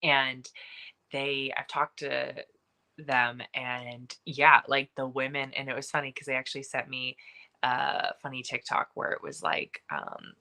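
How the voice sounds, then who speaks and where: A young woman speaking as a podcast guest in casual conversation, talkative and lively, with many fillers and asides. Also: a bass voice, a little slow, vocal fry.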